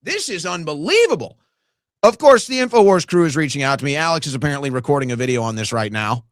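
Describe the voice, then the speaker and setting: A man's voice: a little high, very animated, quick pace, no echo, clean studio sound. A man hosting a live political commentary show, ranting indignantly and speaking straight to his audience as folks.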